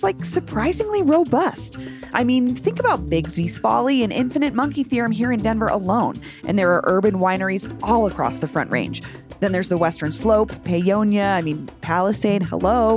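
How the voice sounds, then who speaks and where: A woman podcast host, chatting and reading a sponsor spot in a lively, playful way. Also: fairly high pitch. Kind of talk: casual chat and read ad.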